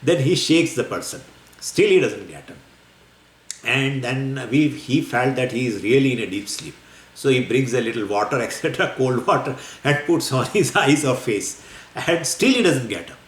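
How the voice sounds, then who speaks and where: A man giving a scripture lecture as a spiritual teacher, explaining in a lively, wandering way with many fillers and small laughs. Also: medium pitch, normal speed. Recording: echoey room with faint ambience.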